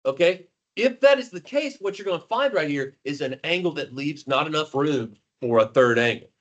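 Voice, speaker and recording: A man teaching math to a class, animated and jokey, calling on students by name. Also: on the high side, moderate pace. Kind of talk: classroom lecture.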